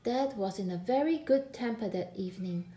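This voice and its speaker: A woman reading a children's picture book aloud in an expressive, drawn-out way. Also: a little high. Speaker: storyteller. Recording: echoey room.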